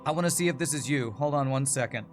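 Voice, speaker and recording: A chatty male game streamer who rambles casually while he plays and reads chat aloud. His voice sits at a middle pitch. Faint background music runs under his talk. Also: fast talker. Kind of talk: casual gameplay commentary.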